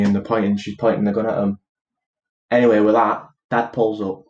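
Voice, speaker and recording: A man with a lowish voice talks casually on a podcast, retelling a story in a rambling way. He keeps stopping and restarting with fillers. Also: flat delivery, a little fast, darkish tone, dull audio. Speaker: podcast co-host. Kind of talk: casual chat, retelling a film plot.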